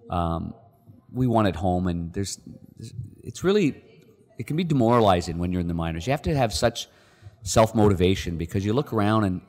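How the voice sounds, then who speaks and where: A deep-voiced middle-aged man tells a story in a relaxed podcast chat and acts out the voices of the people in it. His voice carries a long reverb tail. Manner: animated, acts out the quoted people. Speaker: podcast guest. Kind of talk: casual storytelling.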